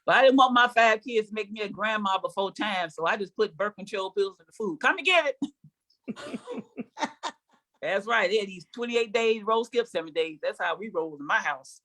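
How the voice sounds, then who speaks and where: A woman's voice: mid-range voice, brisk, hardly any pauses, a bit bright. An older woman performing a sassy, conversational stand-up comedy set on stage before a live audience, teasing the crowd.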